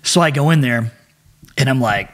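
A man in his forties, a podcast guest, telling animated, profane stories in casual conversation. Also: medium pitch, moderate pace. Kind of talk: casual storytelling.

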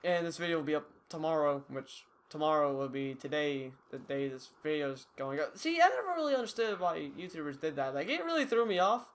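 A man's voice: on the high side, sing-song, fairly quick, few pauses. A young man giving casual, rambling, self-mocking commentary over his own gameplay. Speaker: gaming YouTuber.

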